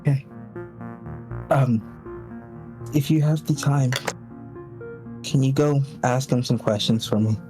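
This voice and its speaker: A player asks hesitant, halting questions in a casual tabletop game. Faint music plays underneath. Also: mid-range voice.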